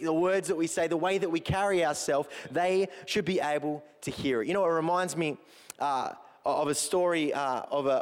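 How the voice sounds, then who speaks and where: A man preaching a sermon to his church, earnest and building in intensity, with touches of self-deprecating humor. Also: on the high side. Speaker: pastor. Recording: long hall reverb.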